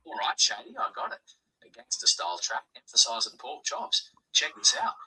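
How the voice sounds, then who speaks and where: A man's voice: mid-range voice, sing-song, moderate pace, bright, forceful tone, whispered, far from the mic. A synthetic male voice with an Australian accent, an AI chatbot that answers eagerly, calls people mate and improvises raps on request. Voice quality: cheery, eager to please, calls everyone mate. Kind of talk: upbeat synthetic chat and improvised rapping. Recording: noisy stream capture with clicks.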